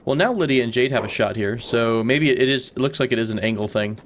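A man talking through his game session in a loose, easygoing way. He rambles and thinks aloud, with asides as he goes, in a voice of middling pitch. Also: fast, a little hiss or hum. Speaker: let's play host. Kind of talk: casual gameplay commentary.

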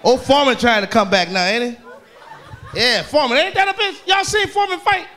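Male stand-up comic, high and bright, profane and rowdy, live club crowd faintly behind. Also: brisk. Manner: rowdy, profane storytelling with mocking voices. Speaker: stand-up comedian. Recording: live club recording with audience. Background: audience laughter and room noise.

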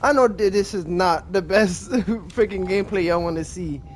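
A man's voice: high voice, normal speed, a little hiss or hum. A man giving casual gameplay commentary, apologetic and rambling, with a lot of slang and self-mockery. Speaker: gaming video creator.

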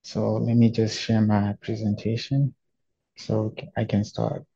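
Young man, from Zimbabwe, student presenter, flat delivery, lo-fi audio. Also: on the low side, vocal fry, slightly rough. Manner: plain, slightly halting explanation. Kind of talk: webinar presentation. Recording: dull lo-fi audio.

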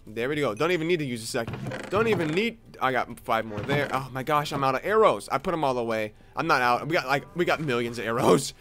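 A young man giving playful, excitable commentary while playing a survival game, chatting with his viewers. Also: fairly high pitch. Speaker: Minecraft let's play host. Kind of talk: casual gameplay commentary.

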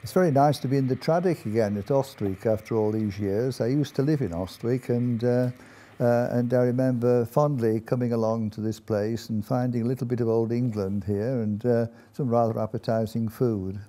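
Older guy telling old stories, really dark mellow voice, lots of uh's and pauses. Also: mid-range voice, steady tone. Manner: unhurried, halting with many fillers. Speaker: storyteller. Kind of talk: anecdotal storytelling. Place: country inn.

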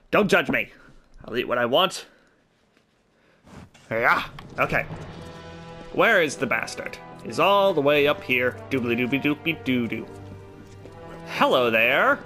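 A young man hosting a let's-play, talking casually while he plays, jokey and excitable, swearing freely. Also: mid-range voice. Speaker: gaming channel host.

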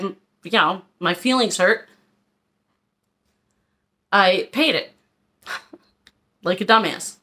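A woman's voice: medium pitch, pushed and bright. Chatty Philly woman in her fifties venting. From Philadelphia, USA. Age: 50s. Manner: chatty, venting, acts out quotes; rambling with fillers and asides. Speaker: haul vlogger. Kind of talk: casual storytelling vlog.

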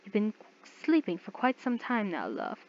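A woman voicing a possessive, obsessive man who is a nation personified, speaking with soft menace. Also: medium pitch, huge pitch swings, moderate pace, lo-fi sound. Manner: soft-spoken and menacing, then pleading.

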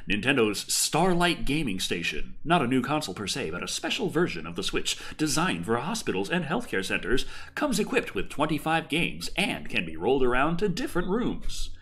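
Animated, bright-voiced male podcast host. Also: medium pitch, normal speed, hardly any pauses, slight background noise. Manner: chatty, easily amused. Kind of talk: casual entertainment news chat.

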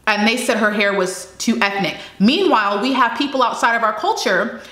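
A woman's voice: fairly high pitch, normal speed, a bit bright. A young woman giving impassioned personal commentary, emphatic, repeating phrases for weight and firing off rhetorical questions. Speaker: commentary channel host. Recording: echoey room.

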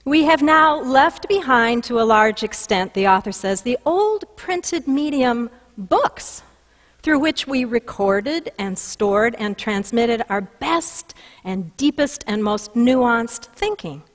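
A woman pastor preaches a sermon in a church, her fairly high voice carrying long reverb through the sanctuary. She tells her stories with lively emphasis and a homespun warmth of delivery. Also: slow pace. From Minnesota.

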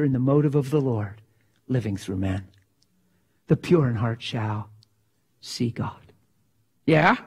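A male preacher delivering a sermon in a somewhat high voice. He is emphatic, stretches his rhetorical questions out slowly, and keeps asking the listeners whether they follow. At other times he drops to a hushed, prayerful tone. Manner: asks the crowd for assent.

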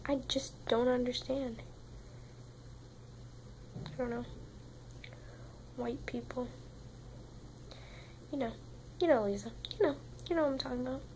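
A woman's voice: high voice, steady tone, measured pace, long pauses, a little mellow, a little hiss or hum, poor audio. A young woman vlogging in a rambling, casual chat to camera, swearing constantly and sounding tired. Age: young adult.

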